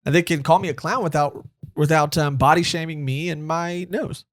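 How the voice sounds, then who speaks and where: A man co-hosting a podcast, chatting casually and joking, retelling scenes with animated quotes. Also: on the high side, normal speed. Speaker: podcast co-host. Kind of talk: casual chat.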